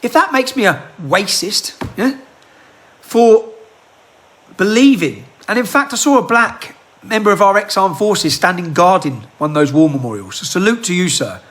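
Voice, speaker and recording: Very animated and fairly bright, with a voice that sits high, a man talks at a moderate pace into a phone held in his hand. As a political commentator, he delivers a heated monologue to camera, full of rhetorical questions.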